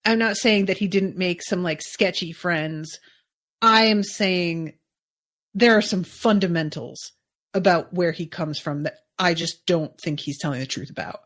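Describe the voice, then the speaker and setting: Slow-talking woman recapping a show. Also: lowish voice, fairly bright tone. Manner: chatty, musing, full of "like" asides. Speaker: podcast host. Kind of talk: casual episode recap.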